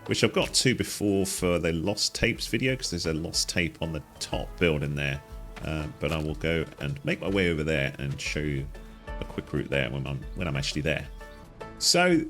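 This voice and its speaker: A man's voice: rumbling low, animated, moderate pace, fairly bright tone, soft background music. A man giving casual commentary on a game he is playing, chatty and easily delighted, with frequent exclamations. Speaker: gaming guide host.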